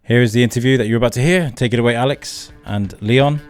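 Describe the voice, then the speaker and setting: A man's voice: mid-range voice, fast talker, no echo. Chatty podcast host man. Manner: chatty, friendly, lots of ums. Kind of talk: casual interview hosting. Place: outdoor event with music behind. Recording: outdoor event with loud music behind. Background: live music.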